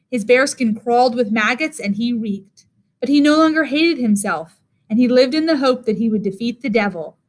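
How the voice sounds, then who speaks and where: A teacher reading a fairy tale aloud in a measured, expressive way. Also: female voice, a little high.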